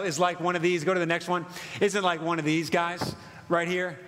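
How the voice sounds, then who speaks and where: Pastor, male, high bright tone, dramatic emphatic preaching, long church reverb. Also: level tone. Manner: impassioned, dramatic preaching with slow emphatic scripture reading. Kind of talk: sermon.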